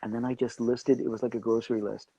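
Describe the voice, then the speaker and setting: A man being interviewed as an actor guest, telling animated anecdotes and acting out the voices of people in them. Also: mid-range voice, fast, husky, no room sound, lo-fi sound. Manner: animated storyteller acting out quotes.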